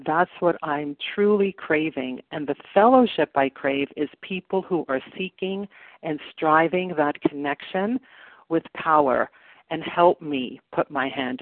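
A man with a slightly high voice shares at a recovery meeting over a tinny phone line. He speaks earnestly and reflectively, leaning on repeated words, in a dry, close sound. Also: no echo. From Canada. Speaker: meeting member sharing.

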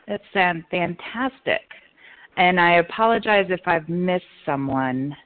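A woman's voice: fairly low pitch, animated. Woman running a meeting by phone. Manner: friendly, organizing, a little hurried. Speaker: meeting leader. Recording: phone line.

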